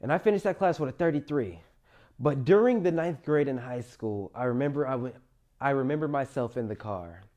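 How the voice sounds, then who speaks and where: Young man, motivational storyteller, warm low-key timbre, emotional personal monologue. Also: expressive, brisk. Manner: emotional, rises loud then drops quiet.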